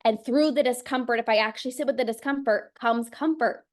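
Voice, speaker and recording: A woman's voice: fairly high pitch, a little fast, a little mellow. A young woman coaching live on binge eating, talking with energy and acting out inner voices. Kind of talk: motivational live-stream talk.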